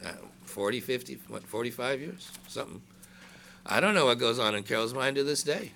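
Gravelly older man preaching casually. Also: medium pitch, animated, a little fast, bright, forceful tone, a little hiss or hum. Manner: conversational preaching with asides and jokes; reads scripture aloud in raised voice. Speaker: pastor. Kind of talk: sermon.

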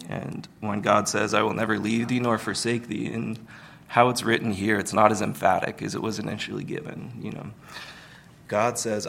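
A man giving a conversational Sunday sermon, relaxed, with many fillers and light humor. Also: lowish voice, moderate pace, gravelly. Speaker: preacher.

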